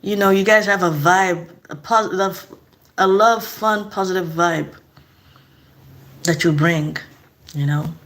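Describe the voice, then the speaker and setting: A woman's voice: fairly low pitch, measured pace, pauses often, fairly bright tone. A young woman from Nigeria chatting casually with her live-stream audience, laughing often and repeating herself.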